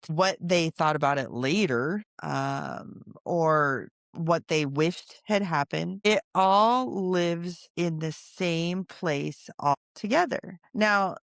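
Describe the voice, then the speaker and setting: Woman podcast host, low and gravelly, dry close sound, animated storyteller. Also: dry recording. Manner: animated, acts out quoted voices.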